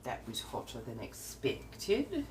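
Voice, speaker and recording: A woman's voice: rumbling low, huge pitch swings, slow pace. A woman with an old-fashioned American colonial accent chats theatrically with her livestream viewers, calling them darling. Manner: theatrical, calls chat "darling". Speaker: livestream host. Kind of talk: casual livestream chat. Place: home kitchen at the sink. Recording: running water and sink noise.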